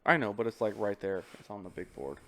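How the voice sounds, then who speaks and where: A man's voice: lowish voice, expressive, quick pace, fairly bright tone, dry recording. A young man teasing and asking questions in a casual podcast chat. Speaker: podcast co-host.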